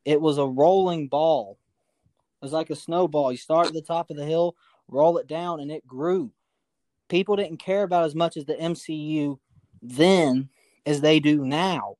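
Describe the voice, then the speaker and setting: A man co-hosts a casual podcast debate and presses his case quickly and insistently. His voice sits somewhat high for a man. The recording is dry and close, with no room sound. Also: darkish tone, no echo. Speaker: podcast co-host.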